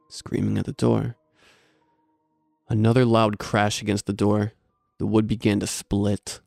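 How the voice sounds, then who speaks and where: Gravelly, deep-voiced man narrating horror. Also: no echo, studio quality. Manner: steady, grim storytelling. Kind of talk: scripted horror story narration.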